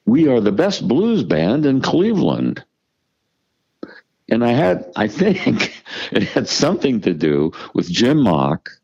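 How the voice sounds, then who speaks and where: Gravelly older man telling blunt stories. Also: mid-range voice, darkish tone, muffled recording. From United States. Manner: profane, emphatic, restarts and repeats words. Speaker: musician guest. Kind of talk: storytelling interview.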